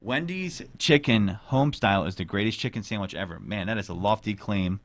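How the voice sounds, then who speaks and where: A man's voice: on the low side, a little fast, no echo. A man hosting a casual podcast chat, rambling and joking with crude language. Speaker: podcast host.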